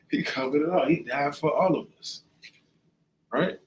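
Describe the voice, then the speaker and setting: A man's voice: fairly high pitch, takes it slowly, reverberant, slight background noise, rough recording. A man leading a casual Bible class, talking loosely and often checking in with the listener. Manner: conversational, often asks "right?" and "you know what I'm saying?". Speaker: class leader.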